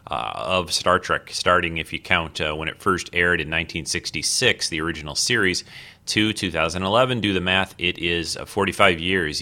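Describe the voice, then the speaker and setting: A man's voice: low-pitched, pushed and bright. A man hosting a podcast alone, talking casually and rambling with fillers and restarts. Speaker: podcast host. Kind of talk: casual solo podcast talk.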